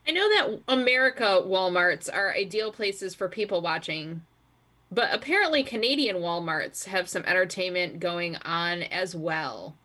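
A woman's voice: fairly low pitch, animated, unhurried, pushed and bright. Wry woman co-hosting a podcast. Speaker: podcast co-host. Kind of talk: casual chat and reading news stories.

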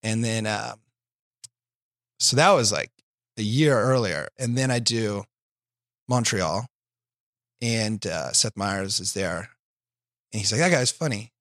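A man with a lowish voice tells stories in a relaxed, self-deprecating way, swearing offhandedly. The sound is close and dry, with no room around it. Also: slow, long pauses, dry recording. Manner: laid-back, profane, self-deprecating. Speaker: guest comedian. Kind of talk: casual storytelling chat.

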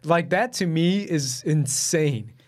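A young man co-hosts a podcast in a loose, joking chat. His voice sits a bit high for a man. He often breaks into laughter. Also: slow. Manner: animated, jokey, laughs often. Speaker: podcast co-host. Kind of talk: casual chat.

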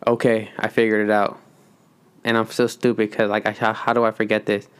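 A man's voice: fairly low pitch, monotone, a little fast, smooth. A man chatting loosely and profanely about movies in slangy, rambling talk. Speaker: solo vlogger. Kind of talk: casual movie chat.

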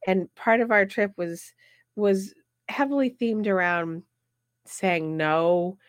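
A woman hosting a casual talk show, chatting and telling travel stories in an animated way. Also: medium pitch, slow, no echo. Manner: chatty, animated storytelling with frequent laughs. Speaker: podcast host. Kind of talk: casual chat.

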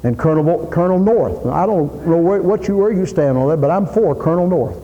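A man preaching a sermon in a church, emphatic, repeating his points and rising to loud peaks. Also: a little high, lively intonation, brisk, highs cut off. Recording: long reverb of a hall.

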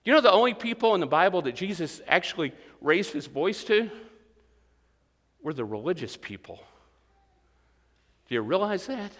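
A high, bright-voiced man preaching in a church sanctuary. He speaks earnestly and rises to emphatic peaks. His voice rings out with a long hall reverb. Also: very animated, moderate pace, long pauses. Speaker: pastor. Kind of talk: sermon.

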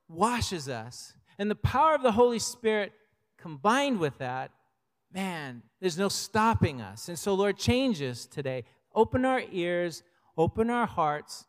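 A man's voice: sits high, in a large hall. An older man preaching a sermon as pastor, in a conversational way, with personal stories.

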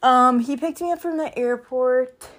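A woman's voice: high-pitched, unhurried, fairly bright tone. A young woman chatting casually in a vlog, rambling with lots of fillers and restarts, laughing often as she talks while packing at home. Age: young adult. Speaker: vlogger. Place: indoors at home, packing and moving around.

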